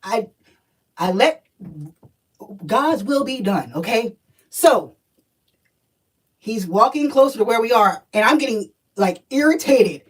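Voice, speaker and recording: A woman telling a personal story on a livestream, animated and profane, talking straight to her viewers. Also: a little high, takes it slowly, long pauses, husky, distant mic, rough recording.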